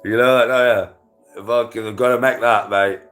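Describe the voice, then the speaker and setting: A man's voice: medium pitch, steady tone, normal speed, a bit bright, soft background music. A man livestreaming casual chat to his viewers, rambling and swearing, with frequent laughter.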